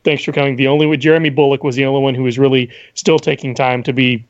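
A man, a podcast guest, telling stories in an animated, casual chat. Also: mid-range voice, fast, highs cut off. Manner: animated storyteller.

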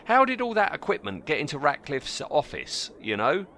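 A man's voice: a little high, wildly swooping pitch, normal speed, pushed and bright, a little hiss or hum. A man co-hosting a podcast, chatting casually, asking questions and laughing along. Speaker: podcast co-host. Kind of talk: casual chat.

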